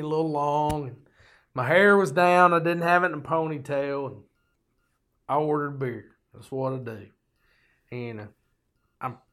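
Folksy older man, a bit high. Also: fairly bright tone. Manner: folksy, profane, joking asides. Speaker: podcast host. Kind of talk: rambling storytelling monologue.

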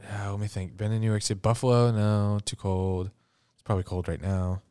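A man's voice: lowish voice, flat delivery, a little fast, mellow, clean tone, no echo, studio quality. A man chatting casually as a podcast co-host, blunt and joking, swearing freely. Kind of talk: casual chat.

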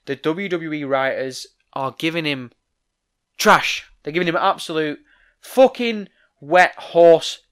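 A young man delivers a fired-up, profane solo commentary with a fairly high voice. His voice is straining and going hoarse as he rants, firing off his opinions fast and loud. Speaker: wrestling news host.

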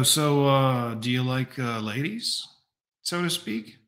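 A man's voice: mid-range voice, slow pace, fairly bright tone, echoey room. A man giving mocking, sarcastic commentary to his stream chat while reacting to a video.

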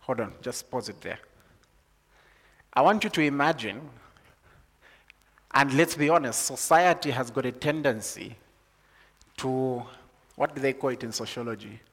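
A man from Zambia preaching a sermon, moving from calm teaching to loud, excited preaching. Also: mid-range voice, unhurried, long pauses, big-room sound.

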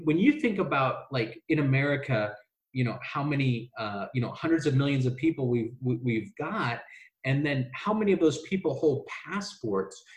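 A man's voice: mid-range voice, reverberant, rough recording. A man telling stories from his work in a casual interview. He rambles, restarts often, says "like" a lot and acts out the voices of people in his stories. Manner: rambling, many restarts and "like" fillers. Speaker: travel business owner telling his story.

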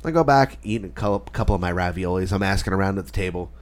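A man's voice: low-pitched, fast talker. A man co-hosting a podcast, telling a dinner story in casual chat and acting out the quotes. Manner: animated storyteller acting out quotes, swears freely. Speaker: podcast co-host.

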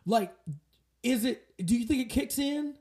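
A man's voice: very high-pitched, measured pace, darkish tone. A man co-hosting a podcast in a casual chat, joking and asking rambling questions. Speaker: podcast co-host.

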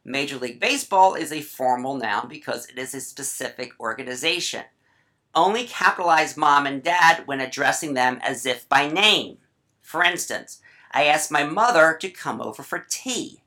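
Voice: mid-range voice, expressive, moderate pace, bright, forceful tone. A writing teacher giving a casual grammar lesson, chatty and full of asides, often checking in with "right?".

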